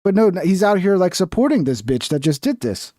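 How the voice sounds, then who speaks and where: A man's voice: high voice, sing-song, fairly quick, warm tone, dry recording. Angry man ranting in dry audio. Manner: heated, profane, exasperated ranting. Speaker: political commentator reacting to clips. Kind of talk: casual reaction commentary.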